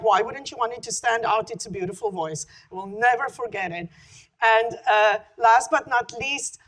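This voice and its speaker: A middle-aged woman from South Africa, with a South African accent tinged by some American vowels, giving a conference lecture on a clip-on mic with chatty, self-deprecating asides. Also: fairly high pitch. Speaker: keynote speaker and voice teacher.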